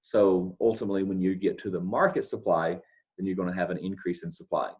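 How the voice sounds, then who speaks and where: Man, economics lecturer, fairly low voice, patient step-by-step explaining, repeats key points. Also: fairly even intonation, brisk, a little mellow. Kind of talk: recorded lecture. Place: talking over scribbled notes, not at a board.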